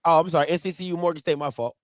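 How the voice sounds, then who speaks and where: A man's voice: fairly high pitch, steady tone, rapid-fire, no echo, clean studio sound. A man co-hosting a sports talk show, chatting casually with a playful, teasing manner. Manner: playful, teasing back-and-forth.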